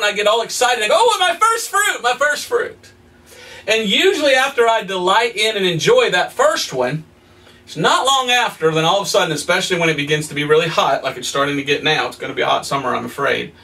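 Bright-voiced, animated male evangelist. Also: sits high, far from the mic. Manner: folksy, animated storytelling with excited exclamations. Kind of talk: sermon teaching.

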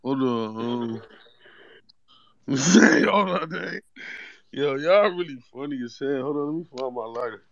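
A man's voice: medium pitch, expressive, a little slow, creaky, pauses often, muffled recording. A man hosting an online audio chat in a laid-back, rambling way. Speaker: host. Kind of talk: casual chat.

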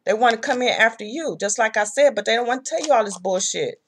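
A woman's voice: on the high side, lively intonation, quick pace, husky. Blunt, profane woman tarot reader. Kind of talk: casual tarot reading.

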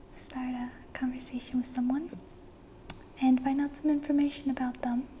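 A woman acting as a patient language teacher in a whispered role-play, speaking slowly and gently into a close microphone. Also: sits high, a little hiss or hum. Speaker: ASMR teacher. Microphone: close microphone, occasional bumps.

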